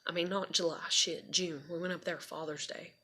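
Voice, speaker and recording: A woman's voice: fairly low pitch, fairly even intonation, moderate pace, sharp tone, a little hiss or hum. A young woman, telling a personal story to the camera in a rambling, casual way, full of fillers and swearing. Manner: rambling, lots of fillers and asides, swears freely. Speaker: vlogger.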